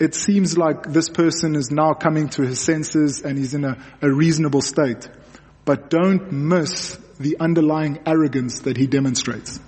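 A man delivers a sermon in an earnest voice that sits a little high for a man. He presses his points by repeating words, and his voice rings with the long reverb of a hall. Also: a little mellow. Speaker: pastor.

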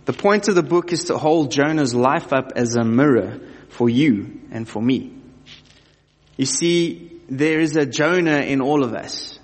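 A man preaching a sermon, reading scripture and then talking to the listeners in a conversational way, asking them direct questions. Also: mid-range voice. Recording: long hall reverb.

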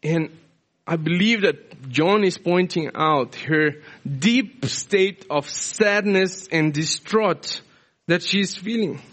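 A male preacher from South America explains scripture in an unhurried, conversational sermon. His voice sits a little high, and he often restarts his phrases as he thinks aloud. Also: fairly bright tone.

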